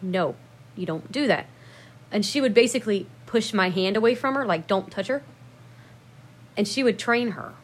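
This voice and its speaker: A woman casually telling memories about her dogs in a rambling, profane way, laughing at herself and jumping up loud when she acts out what people said. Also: medium pitch, expressive, moderate pace, pauses often. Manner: acts out quoted lines with sudden loud bursts. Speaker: dog owner telling memories. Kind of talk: casual storytelling to camera.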